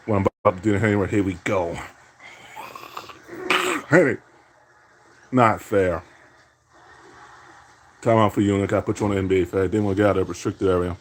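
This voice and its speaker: A man playing a basketball video game, calling his own plays and teasing his opponent with repeated catchphrases. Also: lowish voice. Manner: trash-talking, teasing opponent; catchphrase-heavy, repeating "indeed". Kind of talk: self-commentary while gaming.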